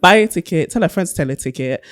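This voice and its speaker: A young woman co-hosting a casual podcast, hoarse from being sick, chatty and affirming. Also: fairly low pitch, expressive, no echo, studio quality. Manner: chatty and affirming, quick interjections. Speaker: podcast co-host.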